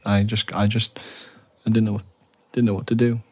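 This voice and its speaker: A man's voice: lowish voice, little pitch movement, moderate pace, a little hiss or hum, close to an everyday voice. Man voicing a timid, stammering young dragon. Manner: stammering, apologetic.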